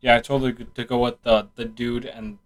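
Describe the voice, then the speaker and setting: A man's voice: mid-range voice, little pitch movement, moderate pace. Young man giving short, casual reactions. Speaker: podcast co-host. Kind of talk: casual chat about video games.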